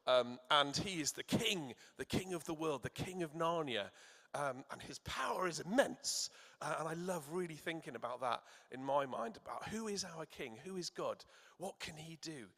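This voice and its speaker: A man preaching in a church, warmly encouraging and asking the children to call out answers. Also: fairly high pitch, expressive, moderate pace, long reverb tail. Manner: encouraging, asks the audience to shout answers. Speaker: church speaker. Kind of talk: sermon with questions to children.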